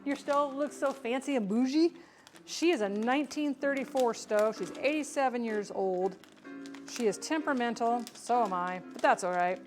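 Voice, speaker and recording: Woman host, chatty and playful cooking-stream talk, voice sits a bit high, faint music behind. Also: moderate pace, a little mellow. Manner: chatty, reads viewer questions aloud; playful, self-mocking. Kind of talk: casual chat while cooking.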